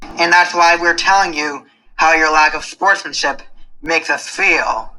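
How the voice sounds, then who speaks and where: A man's voice: on the high side, a little slow, sharp tone, poor audio. A man playing a friend who earnestly explains good sportsmanship in a school skit. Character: friend giving sportsmanship advice.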